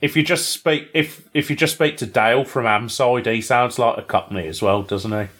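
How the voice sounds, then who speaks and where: A man's voice: mid-range voice, normal speed, fairly bright tone. A British man, co-hosting a casual chat, teasing and full of tag questions. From Britain. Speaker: podcast co-host.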